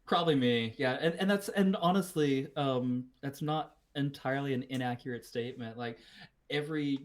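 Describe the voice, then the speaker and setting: A man's voice: mid-range voice, moderate pace. A man with an American West Coast accent that slips into Kiwi words, co-hosting a podcast in rambling, swearing casual chat. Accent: American West Coast, slipping into Kiwi. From United States. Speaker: podcast co-host.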